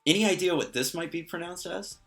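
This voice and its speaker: Male teacher, bright clear voice, patient and jokey, casual explainer, soft music under. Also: high voice, fairly quick. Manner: patient, explanatory, lightly joking. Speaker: language teacher. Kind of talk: casual lesson explaining a constructed language.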